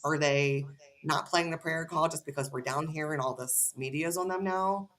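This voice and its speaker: A woman's voice: deep voice, moderate pace, a bit bright. A woman as a podcast guest, ranting heatedly and cursing freely in casual conversation.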